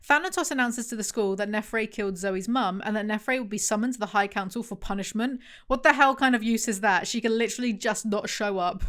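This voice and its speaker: A woman's voice: medium pitch, fairly quick, few pauses, fairly bright tone. A young woman reviewing a book, reading passages aloud and breaking in with sarcastic, chatty asides to her viewers.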